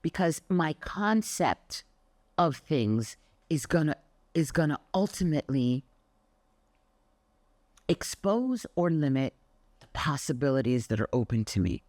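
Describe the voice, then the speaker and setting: A woman's voice: sits low, measured pace, pauses often, dry recording. An older woman who teaches Pilates, giving an emphatic motivational monologue and acting out her anecdotes. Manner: emphatic and expressive, acts out anecdotes. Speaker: Pilates instructor.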